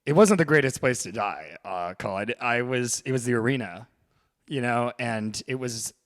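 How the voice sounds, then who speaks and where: Lively storytelling man in his thirties. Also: medium pitch, normal speed. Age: 30s. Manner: animated storyteller, acts out voices. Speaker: co-host. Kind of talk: casual storytelling chat.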